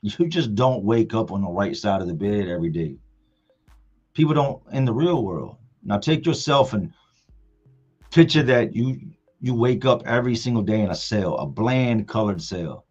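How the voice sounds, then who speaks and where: A man's voice: fairly low pitch, normal speed, breathy edge, lo-fi sound, soft background music. A man hosting a livestream, telling stories casually with slang and acting out other people's lines. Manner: animated storyteller, slangy, acts out others' lines. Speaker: livestream host.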